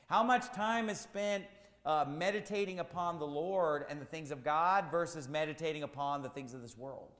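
A man preaching a sermon as pastor, repeating his points with rising, shouted emphasis. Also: medium pitch, echoey room, big-room sound.

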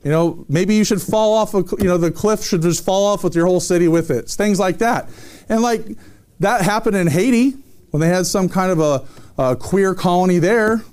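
A man preaching a sermon with a somewhat high voice. He moves between reading scripture and loose, emphatic commentary. He often pauses and restarts mid-sentence. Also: a little mellow, clear, resonant tone.

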